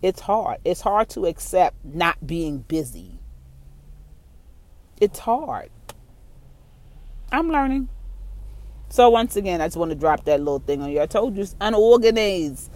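A solo vlogger with a mixed Baltimore and New York accent, talking in a casual, rambling monologue. They are candid and profane, laugh often, and repeat phrases as they think out loud. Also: mid-range voice, big pitch swings, unhurried, pauses often. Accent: Baltimore and New York blend.

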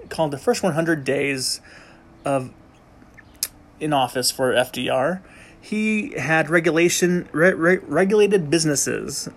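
A man giving a casual, unscripted history explainer, rambling and joking with frequent restarts and self-corrections. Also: a little high. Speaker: amateur history presenter.

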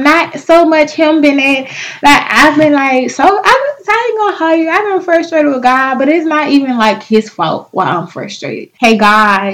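A young woman, hosting her own podcast in a casual, animated, motivational talk to listeners, laughing often. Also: mid-range voice. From North Carolina. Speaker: podcast host.

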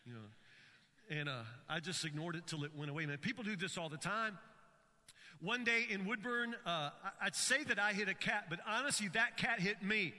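A man's voice: high-pitched, normal speed, pushed and bright, in a large hall. A man preaching a sermon, telling stories with frequent stammered restarts. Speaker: pastor.

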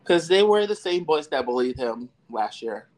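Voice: mid-range voice, lively intonation, moderate pace. A podcast co-host in casual chat, a fan who laughs often while explaining the story. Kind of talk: casual chat recapping a show.

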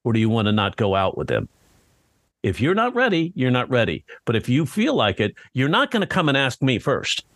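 A man's voice: medium pitch, huge pitch swings, a little fast, fairly bright tone, no echo. A man co-hosting a casual podcast chat, rambling with lots of fillers and acting out quoted dialogue. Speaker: podcast co-host.

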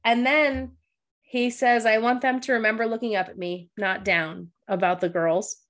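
A woman's voice: a little high, fairly even intonation, moderate pace, fairly bright tone. A woman co-hosting a podcast, chatting about a TV episode in a talkative, emotional way. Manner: emotional, talkative, laughs and gets teary. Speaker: podcast co-host. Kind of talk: casual chat recapping a TV episode.

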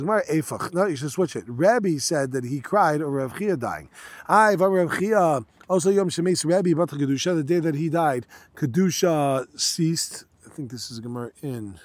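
Man, Talmud teacher, reads then explains, slightly high voice, dry close sound. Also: no room sound. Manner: reads Aramaic lines then explains in casual English with yeshiva terms. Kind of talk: Talmud study lesson, reading and translating.

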